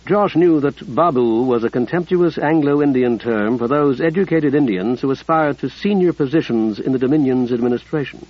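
A man narrating an audiobook in a measured, even storytelling manner. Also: medium pitch, lo-fi sound.

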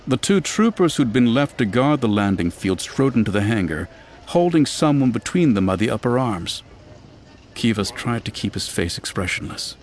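A man narrating an audiobook in a steady, even storytelling manner. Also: fairly low pitch, normal speed, slight background noise. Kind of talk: scripted narration.

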